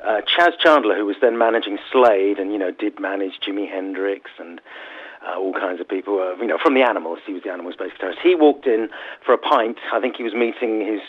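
A man's voice: fairly low pitch, quick pace. A man from England, a guest musician telling laughing anecdotes in a casual interview. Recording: tinny phone line.

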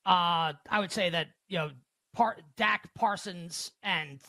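Slow and high-voiced, a man hosting a sports betting segment speaks energetically and emphatically in a casual style, peppering his talk with rhetorical questions. The recording is dry.

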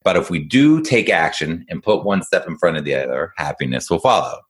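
A man's voice: deep voice, expressive, fairly quick. A man working as an executive functioning coach, explaining ideas to a young listener in an upbeat, casual conversation. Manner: upbeat, explanatory, talks to kids.

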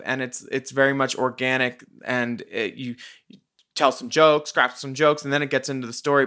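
A man's voice: medium pitch, sharp tone, clear, resonant tone. A man co-hosting an interview who talks in a playful, effusive way and laughs easily. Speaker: co-host. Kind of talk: casual interview chat.

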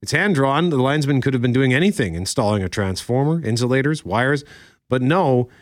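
A man co-hosting a morning radio show, his pitch rising and falling in an animated way. He chats casually and reads listener letters with little asides. The studio sound is dry and close. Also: fairly quick, no room sound. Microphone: studio microphone.

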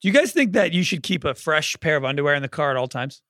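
High-voiced man chatting on a podcast. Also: lively intonation, fast talker, a bit bright, no echo, studio quality. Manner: chatty, hedging with "like", asks questions. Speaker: podcast co-host. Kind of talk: casual chat.

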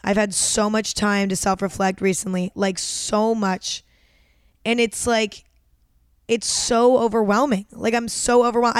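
A woman's voice: fairly high pitch, clean tone, no echo, clean studio sound. A young woman hosting her own podcast, chatting casually in a rambling, self-deprecating way, full of fillers and swearing, a little groggy from an early start. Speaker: podcast host. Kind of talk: casual solo podcast chat.

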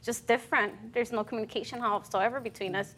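A woman's voice: a little high, steady tone, quick pace, a bit bright, slight background noise. A woman testifying as a litigant in a TV courtroom, speaking plainly.

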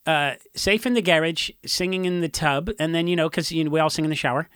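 Punk musician guy, rambling animated stories, bright voice, pitched a bit high. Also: fast talker, smooth, dry recording, studio quality. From Orange County, California. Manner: rambling, animated storytelling with acted-out quotes. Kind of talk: casual interview chat.

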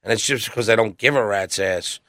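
Blunt rambling man, low voice. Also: fairly quick, a bit bright, no room sound, clean studio sound. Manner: blunt, rambling anecdotes with acted-out quotes. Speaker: podcast guest, metal singer. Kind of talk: casual storytelling interview.

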